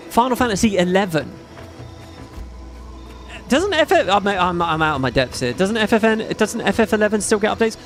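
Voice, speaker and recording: A man with a fairly high voice talks through gameplay in loose, rambling commentary. He gets excitable and swears freely, with faint music underneath. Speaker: gaming YouTuber.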